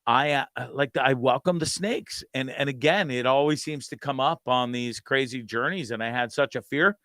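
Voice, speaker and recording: A man's voice: medium pitch, normal speed, bright, forceful tone, no echo. Rambling, cursing male host. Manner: rambling, profane, stammering restarts. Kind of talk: casual storytelling.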